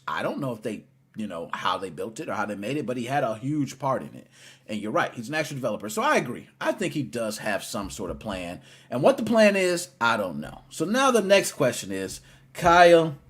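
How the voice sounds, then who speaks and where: Teasing, animated man hosting a podcast. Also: medium pitch, slightly rough. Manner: teasing, animated, swings between loud and quiet. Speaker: podcast host. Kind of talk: casual podcast chat.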